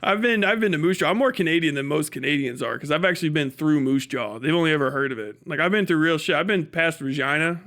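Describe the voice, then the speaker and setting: A man's voice: a little high, fast, hardly any pauses, a bit bright. An American man ranting crudely and jokingly on a casual live stream. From United States.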